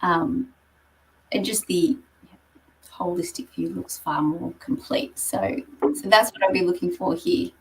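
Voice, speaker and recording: A woman's voice: lowish voice, unhurried, distant mic, rough recording. A woman giving a conversational presentation on property marketing, explaining slides with frequent ums. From Australia. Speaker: guest speaker on property marketing.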